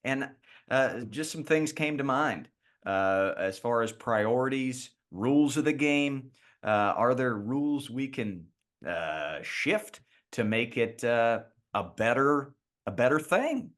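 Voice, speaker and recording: A man from Southern California hosting a baseball podcast in casual chat, speaking haltingly. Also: mid-range voice, expressive, a bit bright. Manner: halting, many fillers. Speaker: podcast co-host.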